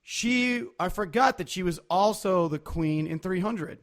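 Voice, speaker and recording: A man's voice: sits high, unhurried. A man, chatting casually on a podcast and telling loose, rambling stories full of fillers. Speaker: podcast co-host. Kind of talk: casual chat.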